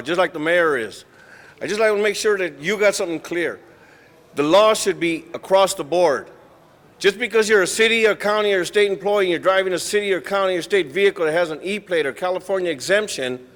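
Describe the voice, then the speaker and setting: A man's voice: sits high, fairly bright tone, long reverb tail. A man giving a firm, lecturing public comment at a city council meeting, speaking into a podium microphone in the council chamber.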